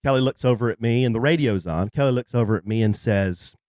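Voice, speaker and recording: A man's voice: medium pitch, quick pace, darkish tone, no room sound, clean studio sound. A man, co-hosting a podcast and telling a jokey story in a casual chat. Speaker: podcast co-host. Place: in a car.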